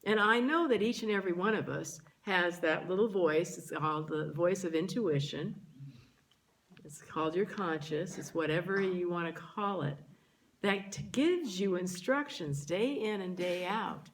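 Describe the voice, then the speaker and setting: A woman's voice: fairly low pitch, measured pace, slight background noise. A woman minister delivering a sermon in a church, speaking to the congregation and drawing out key words for emphasis. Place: church sanctuary.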